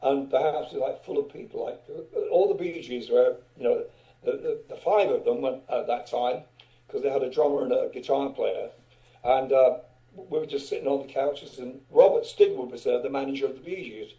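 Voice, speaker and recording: Older male guest, very dark mellow voice, rambling storyteller, roomy echo. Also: mid-range voice, moderate pace. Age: 70s. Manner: rambling, many fillers. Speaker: guest singer. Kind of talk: casual storytelling. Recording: echoey room.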